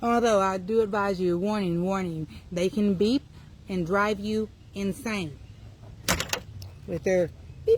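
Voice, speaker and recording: A woman hosting a casual livestream outdoors by her car. She talks in an animated way, often laughs and chats to her viewers over a phone. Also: mid-range voice, normal speed, slight background noise. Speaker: livestream host.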